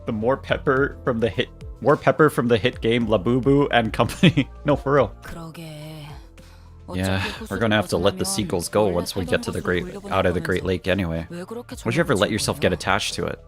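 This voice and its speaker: A man's voice: lowish voice, animated, fairly quick, over music. A man streaming a game, joking with his chat and reading dialogue aloud. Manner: joking, laughs often, banters with chat.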